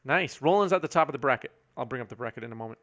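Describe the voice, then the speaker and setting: A man giving live commentary on a card game match, chatty and quick to laugh while reading out viewer messages. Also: medium pitch, lively intonation, fairly bright tone. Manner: chatty, reads out viewer chat, chuckles often.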